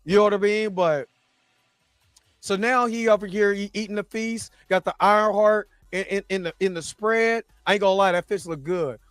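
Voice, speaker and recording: A man's voice: high voice, fairly even intonation, moderate pace, fairly bright tone, clean tone, dry recording, clean studio sound. A man hosting a reaction show, recapping episodes in a loose, slangy, rambling way full of restarts and asides.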